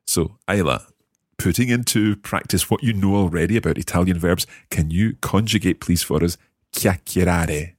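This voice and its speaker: Deep husky man, patient teacher. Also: a little mellow, no echo, clean studio sound. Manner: patient, encouraging, slow careful pronunciation. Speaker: language teacher and podcast host. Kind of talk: guiding a language lesson.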